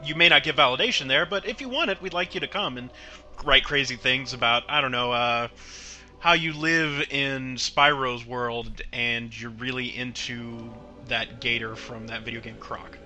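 A man's voice: medium pitch, moderate pace, bright, forceful tone, soft background music. A man co-hosting a comedy podcast, rambling in a sardonic way. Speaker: podcast co-host.

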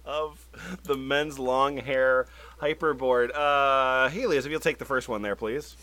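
A man hosting a comedy podcast, reading out forum profiles with halting fillers and frequent giggles. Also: mid-range voice, fairly even intonation, sharp tone. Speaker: podcast host.

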